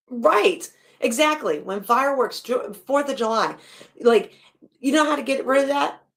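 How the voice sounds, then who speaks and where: Woman host reacting on a live stream, kinda high voice, blunt and animated, swears a lot. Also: slow, creaky, pauses often. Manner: blunt and animated, swears freely, laughs between remarks. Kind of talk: casual reaction commentary.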